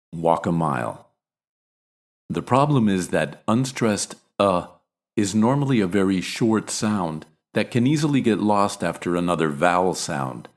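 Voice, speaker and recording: Deep-voiced American man teaching pronunciation. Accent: American English. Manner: clear, measured, repeats examples slowly. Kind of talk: scripted pronunciation lesson.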